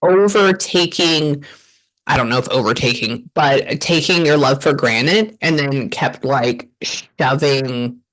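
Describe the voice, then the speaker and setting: A woman's voice: rumbling low, slow pace, low-quality recording. A woman working as a spirit medium, talking animatedly during a reading, often breaking off mid-sentence with sudden exclamations. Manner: animated, interrupts herself, exclaims. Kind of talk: live reading session with a client.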